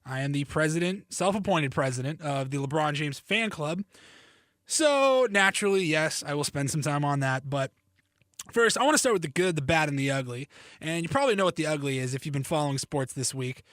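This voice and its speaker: A man's voice: on the high side, fairly quick, a bit bright, no echo, studio quality. A young man hosting a sports podcast, chatty and self-deprecating. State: slightly hoarse, needs to cough. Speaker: podcast host. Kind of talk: casual sports podcast monologue.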